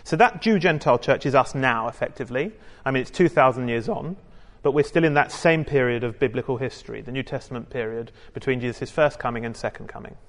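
A man's voice: medium pitch, fast talker, few pauses. British man, chatty preacher, joking asides, long hall reverb. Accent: British English. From United Kingdom. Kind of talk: sermon. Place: church hall with a congregation.

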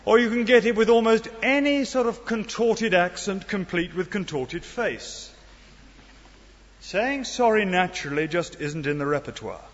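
Expressive and a little slow, a high-voiced middle-aged man delivers an earnest church sermon, tossing in rhetorical questions and wry asides. The audio sounds dull, with long reverb from the hall.

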